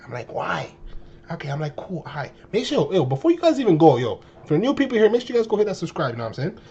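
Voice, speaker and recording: Husky young guy in his 20s hyping up a story for his stream, voice jumps all over, kinda dull lo-fi mic. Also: fairly high pitch, quick pace. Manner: animated, exaggerated storytelling with slang. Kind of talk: casual storytelling to viewers.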